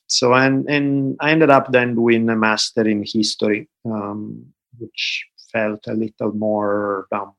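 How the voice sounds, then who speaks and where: A man in his forties with an Italian accent, a podcast guest talking in a relaxed, joking way. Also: medium pitch, a little slow, dull audio. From Italy. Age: 40s. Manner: joking, self-deprecating, relaxed. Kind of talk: casual interview chat.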